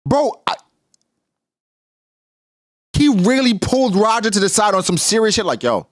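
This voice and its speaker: A man giving casual, excitable reaction commentary on a manga chapter, exclaiming and joking as he reads. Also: high-pitched, normal speed, no echo, clean studio sound.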